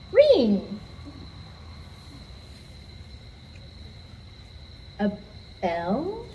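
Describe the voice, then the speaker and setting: A woman's voice: a little high, darkish tone, slight background noise, heavily acted, low-quality recording. A woman playing a power-hungry, scheming female vizier sorceress in a live stage show, with theatrical, gloating delivery. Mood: playful. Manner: gloating and theatrical, turning frantic.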